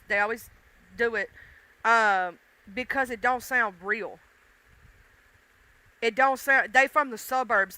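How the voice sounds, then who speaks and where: Middle-aged woman host, casual and profane, talks straight to her chat; very bright, dry sound. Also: a little high, dry recording. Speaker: livestream host. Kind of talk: casual chat with live viewers.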